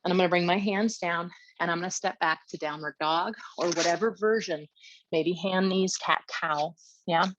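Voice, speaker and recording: A woman teaching a yoga class, giving chatty, encouraging cues and checking in with a quick "yeah?" as she goes. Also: lowish voice, background noise. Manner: chatty, encouraging, frequent "yeah?" check-ins, light laughs. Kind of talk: guided yoga class instruction. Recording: dull, dry lo-fi sound.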